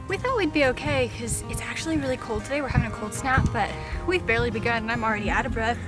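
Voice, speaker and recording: A woman's voice: a little high, lively intonation, fast talker, over loud music, poor audio. Chatty upbeat woman vlogging outdoors. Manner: chatty, upbeat, explains facts to viewers. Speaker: travel vlogger host. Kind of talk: casual travel vlog narration. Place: outdoors among desert sand dunes.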